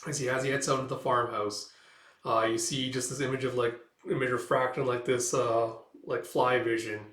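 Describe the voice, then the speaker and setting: A man's voice: medium pitch, flat delivery, moderate pace, fairly bright tone, echoey room. A man reading through a comic book aloud in a casual, loose way, paraphrasing the dialogue with fillers.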